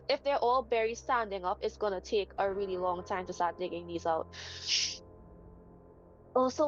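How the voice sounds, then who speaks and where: A woman playing a tabletop game, talking quickly and insistently, partly in character. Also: mid-range voice, muffled recording. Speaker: player. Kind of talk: casual tabletop game chat.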